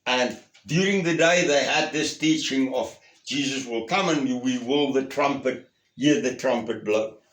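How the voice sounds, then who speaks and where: A slow, deliberate male pastor delivers an earnest sermon. He presses his points, then falls to a hushed, intimate tone. His voice rings through a roomy church hall. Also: mid-range voice. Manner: earnest, emphatic, swings from raised to hushed.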